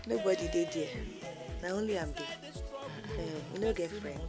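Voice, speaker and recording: A woman's voice: fairly low pitch, moderate pace, close to an everyday voice. An actress playing a scheming young woman who teases in Nigerian Pidgin, with film music behind. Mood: teasing scheming. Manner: playful, teasing Pidgin.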